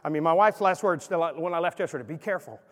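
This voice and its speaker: A man in his forties preaching a sermon, telling stories with animated swings and acting out the voices. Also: a little high, quick pace. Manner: animated storyteller, acts out quotes. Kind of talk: sermon with storytelling. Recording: long hall reverb.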